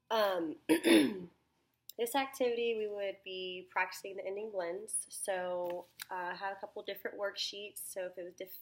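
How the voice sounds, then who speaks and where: A young woman talking through a phonics lesson plan as a student teacher, thinking aloud with many ums and restarts. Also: mid-range voice.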